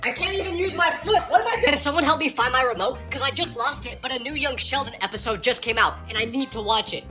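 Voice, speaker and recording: A woman doing short comedic skits to camera, playful and exaggerated with quick punchlines. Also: high voice, bright, forceful tone, soft background music. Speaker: comedy TikTok creator.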